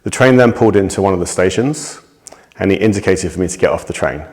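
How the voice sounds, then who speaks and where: A man with a deep, low voice tells of something that happened to him. He speaks in a measured, steady way, with a few small restarts as he thinks. The delivery stays plain and unhurried throughout. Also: a little hiss or hum. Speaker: witness giving a testimony. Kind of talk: recounting a personal incident to camera.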